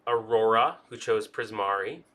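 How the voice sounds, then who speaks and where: A man's voice: on the low side, normal speed, fairly bright tone. A man running a tabletop game as game master, playful and theatrical.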